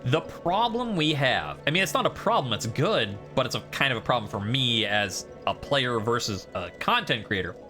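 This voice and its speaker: A man's voice: medium pitch, very animated, moderate pace, hardly any pauses, bright, forceful tone, faint music behind. A man streaming a video game, giving casual, rambling commentary and poking fun at himself. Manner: rambling, self-deprecating.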